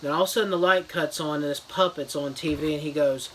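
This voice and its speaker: A man's voice: on the high side, fairly even intonation, fast, slight background noise, rough recording. A man giving a crude joking fake book review, rambling with lots of "you know" and "uh".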